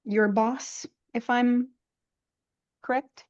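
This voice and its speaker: A woman's voice: a little high, steady tone, drawn-out words, no room sound. A woman playing in a tabletop game talks casually with a mid-range voice. Her audio is dull and lo-fi, and it sounds dry and close to the mic. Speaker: player.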